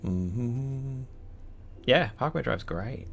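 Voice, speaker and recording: Gravelly laid-back Australian man. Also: medium pitch, animated, drawn-out words, soft background music. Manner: rambling, laid-back, laughs often, many fillers. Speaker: composer streaming live. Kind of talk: casual livestream chat reading viewer messages.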